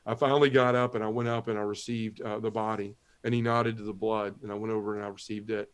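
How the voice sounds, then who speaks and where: A man's voice: on the low side, level tone, fast, clear, resonant tone. A middle-aged man giving an earnest personal testimony as a guest on a talk show, telling his story step by step and acting out the lines of others. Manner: earnest storytelling, Southern turns of phrase, acts out quoted lines. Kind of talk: personal testimony in a podcast interview.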